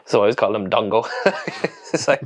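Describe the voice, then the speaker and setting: A man's voice: lowish voice, expressive, moderate pace. A young Irish man co-hosting a podcast, telling casual, profane anecdotes and laughing often. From Ireland. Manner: swearing anecdotal storyteller, laughs a lot. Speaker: podcast co-host. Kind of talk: casual chat.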